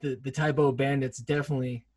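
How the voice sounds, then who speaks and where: A man co-hosting a podcast in casual chat who talks excitably, rambles and laughs often. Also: mid-range voice, fast. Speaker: podcast co-host.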